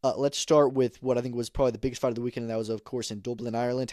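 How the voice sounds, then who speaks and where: A man's voice: medium pitch, flat delivery, very fast, darkish tone, no echo, clean studio sound. A man hosting a podcast, giving casual, opinionated combat sports commentary with emphatic repeats and plenty of fillers. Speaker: podcast host.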